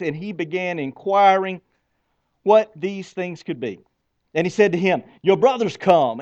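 Pastor guy preaching, high voice, lots of questions at the crowd, kinda muffled recording. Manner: animated preaching with rhetorical questions and repeated words; reads scripture aloud with dramatic pauses. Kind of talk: sermon.

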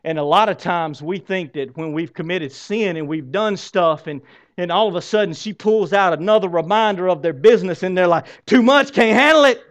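A man preaching a sermon as pastor, swinging from loud exclamations to hushed, drawn-out lines. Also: sits high.

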